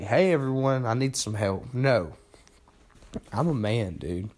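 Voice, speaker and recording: A young man hosting a podcast, telling a story in a casual, profane, self-mocking way that rambles along. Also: medium pitch. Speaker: podcast host.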